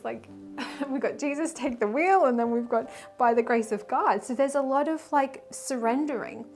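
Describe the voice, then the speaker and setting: Emotional, rambling woman, fairly high voice. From Australia. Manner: emotional, rambling, with sighs and soft laughs. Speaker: tarot reader and spiritual guide. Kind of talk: casual weekly tarot reading.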